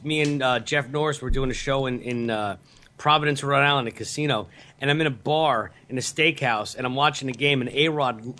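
A man's voice: mid-range voice, pushed and bright. A man co-hosting a podcast, telling a rambling story in casual chat with many ums and restarts. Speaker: podcast co-host.

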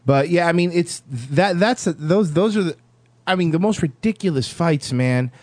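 A man hosting a casual chat, animated and profane, often trailing off mid-sentence. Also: fairly high pitch, normal speed, no room sound.

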